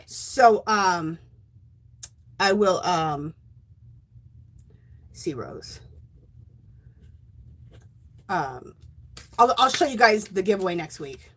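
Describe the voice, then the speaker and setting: A woman's voice: lowish voice, lively intonation, very slow, long pauses, a bit bright, breathy edge. A middle-aged woman hosting a casual craft livestream from home, bubbly, laughing often and thanking viewers by name. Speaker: livestream host of a knitting and crochet show.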